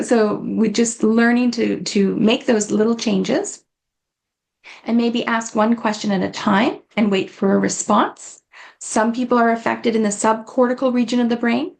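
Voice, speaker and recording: A woman's voice: fairly high pitch, gravelly. A woman giving an informal, earnest talk on dementia care, often acting out quoted dialogue.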